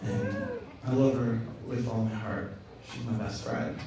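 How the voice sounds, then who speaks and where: A male stand-up comedian from Michigan, swinging between loud outbursts and soft mutters on a club stage. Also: mid-range voice, wildly swooping pitch, a little slow, creaky, a crowd in the background. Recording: echoey club, far mic, background noise.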